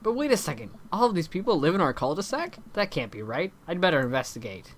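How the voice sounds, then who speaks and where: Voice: mid-range voice, big pitch swings, fast. Wry let's play host reading a game aloud. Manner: wry, self-mocking asides between read-out lines. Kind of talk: reading a dating-sim game aloud with asides.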